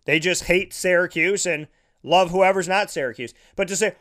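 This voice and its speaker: Fired-up, bright-voiced sports-talk man. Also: high-pitched, normal speed. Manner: heated, sarcastic, repetitive ranting. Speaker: sports broadcaster. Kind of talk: live-streamed sports talk rant.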